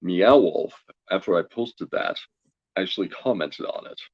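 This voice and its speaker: A man telling a story as a guest in a casual chat, energetic and chatty, laughing often. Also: sits low, unhurried, slightly rough, no room sound, muffled recording. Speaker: guest, tarot reader.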